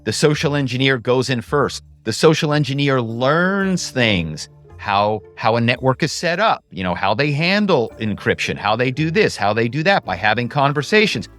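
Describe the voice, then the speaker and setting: A man talking casually as a guest in an interview, telling stories in an animated way and often adding "you know" and "right". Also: mid-range voice, normal speed, hardly any pauses, faint music behind. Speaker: guest, former actor and social engineer.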